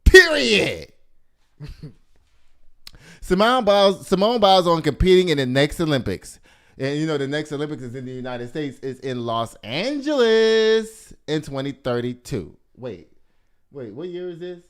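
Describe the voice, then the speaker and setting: This is a man hosting a gossip news show, sassy and lively, with frequent laughter. His voice is clear and smooth and sits slightly high for a man. He talks to his listeners as y'all. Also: normal speed. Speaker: host. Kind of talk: casual gossip news commentary.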